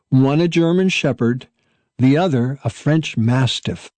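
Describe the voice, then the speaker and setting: A man reading a storybook aloud in a measured, unhurried way. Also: medium pitch, dark tone, dry recording.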